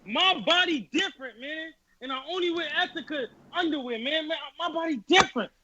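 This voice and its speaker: A brash man boasts and hurls crude insults, repeating his lines over and over. His voice sits high and comes through a noisy earbud connection. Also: fairly quick, dull audio. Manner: brash, repeats himself, swears a lot. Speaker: caller on a livestream. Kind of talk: boastful trash talk. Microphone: wireless earbuds on a phone.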